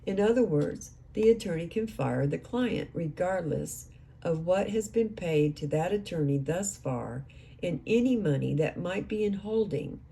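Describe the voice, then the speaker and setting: A woman's voice: on the low side, lively intonation, a little slow, gravelly, mellow, breathy edge. A woman narrating a true-crime case recap, recounting events and quoting what others said.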